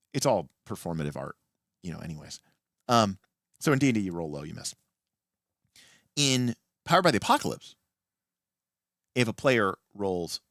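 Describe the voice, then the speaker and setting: A man hosting a late-night livestream and explaining tabletop game rules as a game master, animated and often restarting his sentences. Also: sits low, no echo, clean studio sound.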